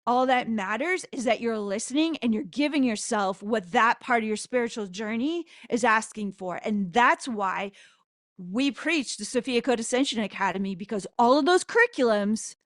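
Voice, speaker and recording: A woman spiritual teacher giving an impassioned spoken prayer, loud and fervent into a close microphone, swearing for emphasis. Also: fairly high pitch, expressive, normal speed, no room sound.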